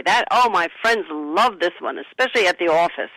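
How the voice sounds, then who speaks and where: A woman author and psychic, a guest on a radio talk show, calmly giving advice and suggesting what to say. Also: on the low side, a little fast, no echo, poor audio. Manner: calm, counseling, gives sample phrases to say.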